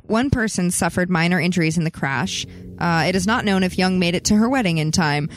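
A woman's voice: on the low side, a little fast, a little hiss or hum. Chatty woman reading the news. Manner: expressive storyteller, exclaims and laughs. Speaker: news reader on a talk show. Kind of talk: chatty news segment with commentary.

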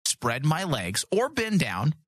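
A man co-hosting a comedy podcast, telling crude stories in an animated way. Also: fairly high pitch, takes it slowly, no echo. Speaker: podcast co-host. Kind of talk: casual comedic chat.

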